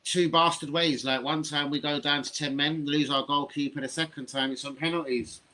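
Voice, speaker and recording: A man's voice: a little high, steady tone, moderate pace, pushed and bright. A man hosting a live fan reaction stream, stunned and swearing as he rambles to his viewers. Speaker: fan livestream host.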